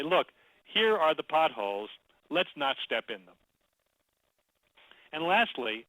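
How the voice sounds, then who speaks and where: A man presenting a storytelling webinar in a conversational, animated way, telling a story as he teaches. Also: mid-range voice, no echo, low-quality recording. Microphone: computer mic, webinar audio.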